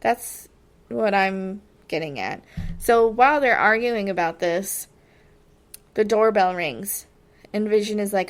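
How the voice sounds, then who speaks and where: A woman's voice: mid-range voice, slow, pauses often. Chatty woman podcaster, lots of "like". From Texas. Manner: chatty, many filler likes, animated asides. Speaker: podcast host. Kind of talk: casual solo podcast recap.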